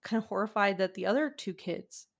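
A woman's voice: mid-range voice, brisk, vocal fry. A woman guest on a podcast in casual chat, hedging, laughing often and restarting her sentences as she recounts.

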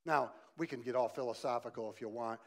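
A middle-aged man preaching as a guest speaker, animated and emphatic, swinging from loud bursts to hushed lines and getting the listeners to answer aloud. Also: medium pitch, fast talker. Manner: asks the listeners to join in aloud. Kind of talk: sermon.

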